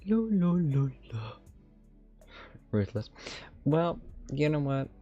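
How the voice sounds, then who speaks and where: Faint music plays under slightly dull stream audio as a man, low-voiced and measured, stays in character as an ancient, mischievous male dragon mage. He uses a lisp and a put-on dragonish accent, rambling playfully with asides that amuse himself.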